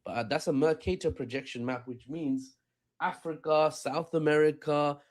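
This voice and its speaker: A man's voice: a little high, fairly even intonation, moderate pace. A man giving a joking commentary on world affairs in a video clip, with wry asides. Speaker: online commentator.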